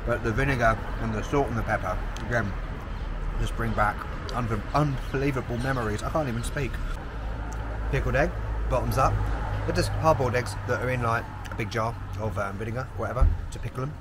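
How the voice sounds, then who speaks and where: A man's voice: mid-range voice, a little fast, noisy background. Chatty London man vlogging outdoors. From London, England. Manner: chatty, cheeky, self-mocking. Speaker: travel vlogger. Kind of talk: casual vlog commentary. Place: on a train, city streets and a chip shop.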